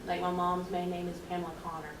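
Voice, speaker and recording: A woman's voice: fairly low pitch, completely flat delivery, quick pace. A woman student answering a question in class, hesitant and restarting her words. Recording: distant, echoey, noisy classroom.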